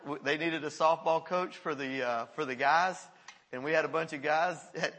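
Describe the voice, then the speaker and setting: A man leads a church service as pastor, his voice a touch high and strikingly bright. He preaches in an earnest, encouraging way and laughs often along the way. The sound carries a long reverb from the hall around him. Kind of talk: sermon. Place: church service before a congregation.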